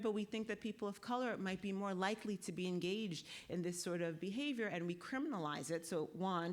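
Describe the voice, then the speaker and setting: A woman with a low-pitched voice gives a conference panel talk as a law professor. She lectures in an easy, conversational way and keeps checking in with the audience through quick tag questions. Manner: walks the audience through a guided exercise.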